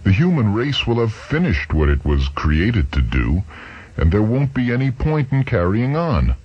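A man's voice: on the low side, sing-song, moderate pace, breathy edge, no room sound, voice pushed up. A man voicing an anxious young male engineer who speaks urgently, in a dull lo-fi recording. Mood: uneasy. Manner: urgent, worried.

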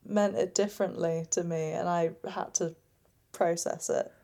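A woman's voice: lowish voice, steady tone, unhurried, gravelly, mellow. Brief: female radio co-host, casual, hesitant, lots of ums. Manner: rambling, hesitant, searches for words. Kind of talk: casual chat.

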